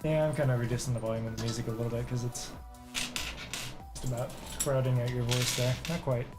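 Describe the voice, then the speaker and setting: A man's voice: mid-range voice, steady tone, fast talker. A man on a casual livestream, patiently explaining how to set up computer parts while chuckling now and then. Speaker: streamer helping with a PC build. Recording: music playing behind.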